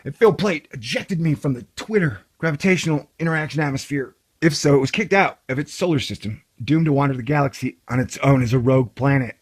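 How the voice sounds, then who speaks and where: A man's voice: a little high, expressive, brisk, hardly any pauses, husky. Sarcastic rambling man reading. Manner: sarcastic, rambling, jokey asides. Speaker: video host. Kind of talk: casual commentary reading an article aloud.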